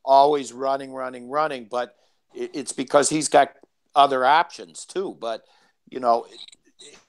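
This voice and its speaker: A man's voice: medium pitch, fairly even intonation, measured pace, gravelly. A man co-hosting a sports podcast in casual debate, stumbling and repeating words as he starts his points.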